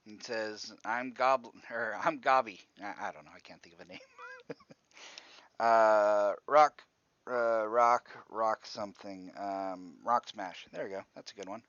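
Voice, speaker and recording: A man's voice: lowish voice, fairly even intonation, unhurried, a bit bright, smooth, dry recording, dull audio. A man running a tabletop game as game master, who rambles, thinks aloud and laughs often.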